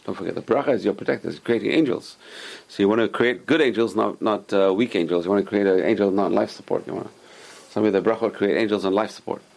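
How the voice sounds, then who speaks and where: A man's voice: on the low side, fast talker, gravelly, hardly any pauses, darkish tone. A man teaching an informal Torah class, explaining Hebrew sources and giving emphatic warnings.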